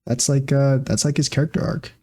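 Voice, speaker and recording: A man's voice: medium pitch, flat delivery, fairly quick, mellow. A man co-hosting a casual podcast in an ordinary mid-range voice. He rambles through stories with plenty of fillers and laughs as he talks. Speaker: podcast co-host. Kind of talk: casual chat.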